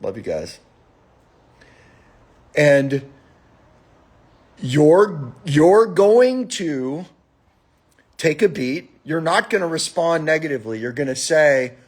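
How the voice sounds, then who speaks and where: Gravelly, husky man telling stories. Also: a little high, slow, pauses often. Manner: animated storytelling, swearing, rises to shouts. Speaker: podcast host. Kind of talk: casual profane chat.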